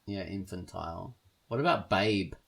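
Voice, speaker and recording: A man's voice: sits low, moderate pace, gravelly, crowd noise. A man from Canada hosting a podcast, chatting playfully and teasing his co-host. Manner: playful, teasing, puts on silly voices. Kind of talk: casual chat.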